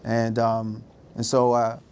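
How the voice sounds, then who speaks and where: Middle-aged male speaker, vivid storyteller, does voices for characters, mid-range pitch. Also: monotone, slow, a little mellow, clear, resonant tone. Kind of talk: storytelling talk.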